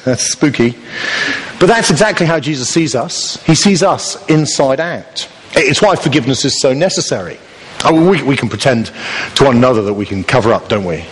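A man's voice: mid-range voice, breathy edge. A man preaching a sermon in a church, telling stories in a conversational way with playful asides. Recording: long reverb of a church hall.

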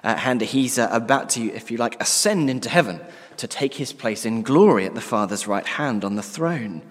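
A man preaching a sermon, earnest and emphatic, often trailing off to a hushed tone at the ends of phrases. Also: mid-range voice. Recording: long reverb of a large hall.

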